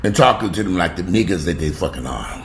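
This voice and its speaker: Man, heated profane home rant, very animated pitch, echoey room with faint background hum. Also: quick pace. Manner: heated, swearing, pitch jumping up when outraged. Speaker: vlogger.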